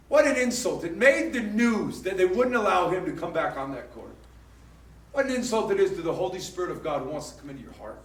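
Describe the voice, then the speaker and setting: A man preaching a sermon as a pastor, emphatic and repetitive, now and then rising to a shout. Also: high voice, sing-song, fairly quick. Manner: emphatic, repetitive, swings loud. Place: church hall. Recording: roomy echo from far off.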